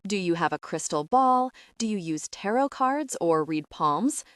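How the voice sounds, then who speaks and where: A woman's voice: on the low side, expressive, a little slow, a bit bright, no room sound, studio quality. A woman voicing a playful, spirited young American heiress who talks in a teasing way. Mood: blithe.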